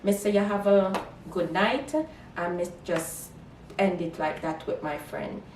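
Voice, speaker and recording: A woman's voice: on the low side, steady tone, a little slow, darkish tone, a little hiss or hum. A woman, telling a casual storytime vlog and animatedly quoting herself in Creole. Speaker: vlogger. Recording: echoey room, mic at a distance.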